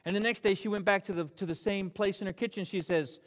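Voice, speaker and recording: Male pastor, higher voice, lively storytelling sermon, long reverb of a hall. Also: fast talker, few pauses. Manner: animated storytelling with jokes and retold dialogue.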